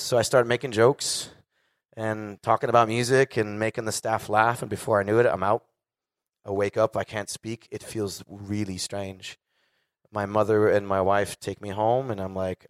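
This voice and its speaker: A man's voice: fairly low pitch, level tone, moderate pace, clean tone, dry recording, studio quality. A man in his forties, a singer, telling a candid and profane story casually to a live audience. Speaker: guest singer.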